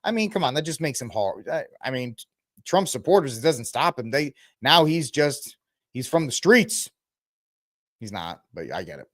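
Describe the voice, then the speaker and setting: A man's voice: medium pitch, sing-song, moderate pace, a bit bright, no echo, clean studio sound. A man hosting a casual political commentary podcast, rambling and sarcastic as he reads and jokes through the news. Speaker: podcast host.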